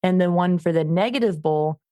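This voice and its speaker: A woman co-hosting a podcast as a dog trainer, chatting casually and telling animated stories about her dog. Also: lowish voice, fairly quick, no echo, studio quality. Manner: animated storytelling, acts out her dog's voice. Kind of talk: casual chat.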